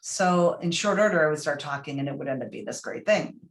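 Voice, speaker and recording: A woman guest on a podcast interview, telling a personal story in a lively way and acting out what people said. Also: sits low, a little fast. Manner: lively storyteller who acts out quoted voices. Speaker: podcast guest, motivational speaker.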